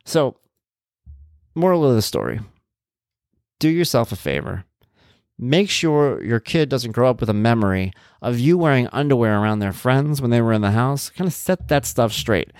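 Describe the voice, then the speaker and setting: A man's voice: moderate pace, smooth, dry recording, studio quality. A man in his thirties hosting a podcast, telling a casual story and acting out both sides of the conversation. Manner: animated, jumps to a high voice when quoting himself. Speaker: podcast host.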